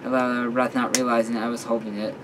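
A man casually reading his own fan story aloud, halting with fillers and self-corrections. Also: mid-range voice, flat delivery, noisy background. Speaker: story reader.

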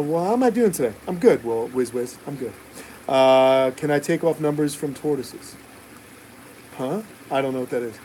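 A man's voice: on the high side, a little hiss or hum, rough recording. Chatty New York man on a live stream. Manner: relaxed, chatty, many uh fillers, jokey asides. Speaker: reptile keeper and channel host answering live chat. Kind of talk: casual live-stream chat.

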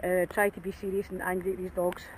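A woman's voice: fairly low pitch, flat delivery, fast, noisy background. A woman, chatting to the camera on a cold, rainy dog walk, run down and self-mocking, laughing often. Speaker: dog walker vlogger. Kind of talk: casual outdoor vlog chat. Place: open field outdoors in cold rain.

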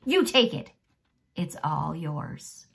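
A woman's voice: deep voice, very animated, takes it slowly, gravelly, heavily acted. A woman reading aloud and voicing a creepy, secretive old man who whispers and then bursts into wild cries. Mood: insistent.

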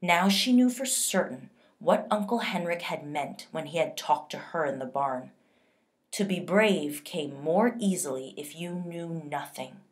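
Woman teacher, storybook read-aloud for kids; slow, lowish voice, expressive. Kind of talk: reading a novel aloud to children.

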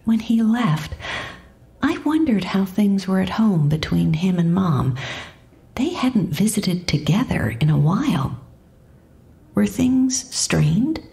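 A woman narrating a first-person story in a hushed, expressive reading. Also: mid-range voice, slow pace, creaky. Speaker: audiobook narrator.

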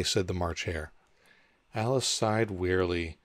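A man narrating in a low, gravelly voice. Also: moderate pace, dry recording. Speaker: audiobook narrator. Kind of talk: scripted storybook narration.

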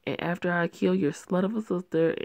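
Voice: medium pitch, fairly even intonation, a little fast, darkish tone, close to an everyday voice. A reader voicing a menacing, possessive male ex-boyfriend who makes threats in a controlling manner.

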